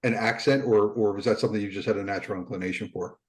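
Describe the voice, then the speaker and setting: A man's voice: fairly low pitch, steady tone, racing, rough recording. A man, co-hosting a casual podcast. He thinks aloud, rambling and repeating words as he goes. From suburbs outside Philadelphia. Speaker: podcast co-host.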